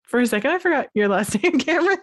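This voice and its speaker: A woman's voice: sits high, expressive, fast. A woman hosting a comedy podcast in casual chat, giggling often between phrases. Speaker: podcast host.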